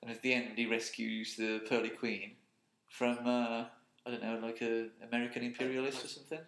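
A man's voice: mid-range voice, little pitch movement, fairly quick, fairly bright tone. Jokey man in a roomy space. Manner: jokey, rambling, puts on silly voices. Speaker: podcast co-host. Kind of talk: casual chat. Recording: roomy echo.

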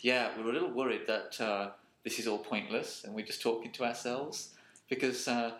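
A man's voice: medium pitch, steady tone, a little fast, fairly bright tone. Man chatting in an echoey room. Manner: laughs often, swears, jokey. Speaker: podcast co-host. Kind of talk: casual chat. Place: apartment.

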